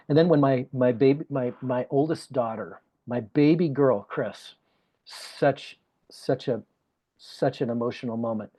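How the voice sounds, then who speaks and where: An earnest man speaking as a podcast guest, telling a heartfelt personal story at a medium pitch. He leans on repetition for emphasis, and his voice stays emotional and sincere throughout. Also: measured pace, dark tone.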